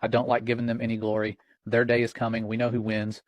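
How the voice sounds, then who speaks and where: A man's voice: mid-range voice, monotone, fast talker, no echo. A man hosting religious commentary, earnest and warning, retelling a conversation line by line.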